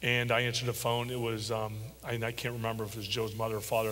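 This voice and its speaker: A middle-aged father, as an interview guest, tells a personal story in a halting, heartfelt way with many pauses and ums. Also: fairly low pitch, little pitch movement, fairly bright tone. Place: large church hall. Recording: echoey church hall with faint hum.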